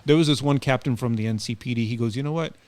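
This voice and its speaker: A man's voice: medium pitch, fast, no echo. A middle-aged man, a community activist, telling stories as a podcast guest in loose casual talk, acting out dialogue between fillers. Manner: animated, acts out quoted dialogue, loose with fillers. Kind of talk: casual storytelling.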